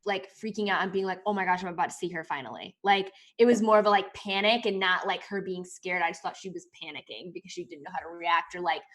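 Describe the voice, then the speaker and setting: A woman's voice: medium pitch, fairly even intonation, fast, few pauses, a bit bright. A woman co-hosting a casual show recap, chatty and quoting her own reactions. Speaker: podcast co-host.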